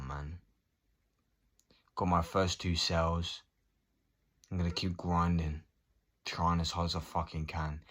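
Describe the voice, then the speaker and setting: A man's voice: sits low, fairly bright tone, slightly rough. A man in his thirties ranting casually to camera, swearing and acting out both sides of conversations. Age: 30s. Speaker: vlogger.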